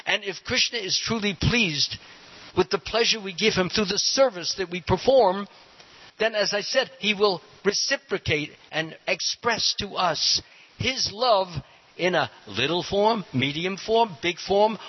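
A man giving a devotional lecture as a spiritual teacher, speaking in an animated way and quizzing his audience. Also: high voice, husky. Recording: dull lo-fi recording with hiss.

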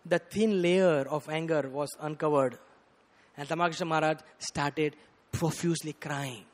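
A man preaching a storytelling sermon, animated and rising to loud bursts, often saying "you know". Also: on the high side, normal speed. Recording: reverberant hall.

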